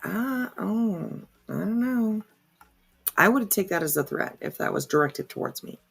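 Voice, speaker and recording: A woman's voice: mid-range voice, expressive, a little slow, vocal fry, husky. A woman hosting reaction commentary, sarcastic and opinionated. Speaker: commentary channel host.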